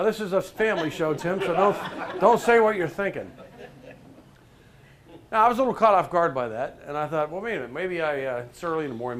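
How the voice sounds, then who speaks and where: Animated storytelling male speaker. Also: on the high side. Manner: animated, addresses listeners by name with questions. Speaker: professional motivational speaker. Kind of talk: storytelling talk to a live group.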